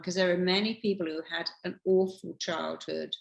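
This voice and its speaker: A woman's voice: fairly low pitch, fairly even intonation, normal speed, gravelly. Emphatic older woman, roomy sound. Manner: emphatic, acts out quoted voices. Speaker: therapist guest on a podcast. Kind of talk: animated advice talk. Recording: roomy echo.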